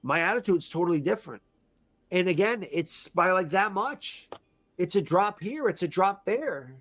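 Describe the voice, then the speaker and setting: Middle-aged guy ranting casually after a game, emphatic, keeps repeating himself, slightly high voice. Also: expressive, normal speed, fairly bright tone. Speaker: sports fan commentator. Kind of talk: casual post-game rant.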